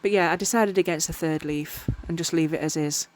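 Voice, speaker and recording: Rambling woman, low voice. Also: fairly even intonation, fairly quick, darkish tone. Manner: rambling, self-mocking, often tripping over words. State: tired. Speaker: miniature crafter. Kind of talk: casual crafting vlog narration.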